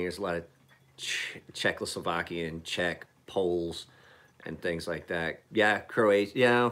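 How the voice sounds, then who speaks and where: A man in his forties from Appalachian Pennsylvania rambles through a casual live-stream chat. His voice sits a little low, and he swears freely. He keeps cracking jokes as he talks. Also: a bit bright. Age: 40s. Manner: rambling, profane and joking. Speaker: knife-sharpening streamer.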